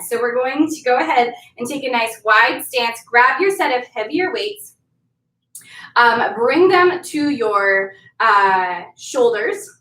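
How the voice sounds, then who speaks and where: High-voiced woman leading a workout. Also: animated, slow, fairly bright tone. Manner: upbeat, counting out moves. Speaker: fitness instructor. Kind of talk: workout class told as a story. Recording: roomy, from mic distance.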